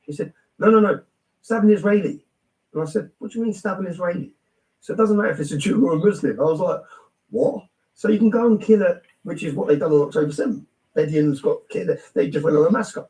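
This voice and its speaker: A man's voice: fairly high pitch, fast talker, warm tone. Blunt man telling a story. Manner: blunt, emphatic, tags lines with "yeah?". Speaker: guest. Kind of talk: animated storytelling in conversation. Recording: roomy, distant mic.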